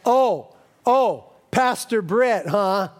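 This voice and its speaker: Brief: a preacher putting on a high, sarcastic devil voice, taunting and sneering. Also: male voice, animated, extremely slow, heavily acted. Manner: sarcastic, mocking.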